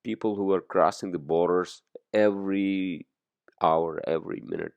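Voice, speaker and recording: A man talks through a loose solo podcast monologue, rambling and swearing freely between fillers. His voice sits very low with a gravelly fry, and the recording is dry and close. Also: fairly even intonation, normal speed, dry recording, highs cut off. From immigrant to the US. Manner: rambling, profane, many fillers. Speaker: podcast host. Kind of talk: casual monologue.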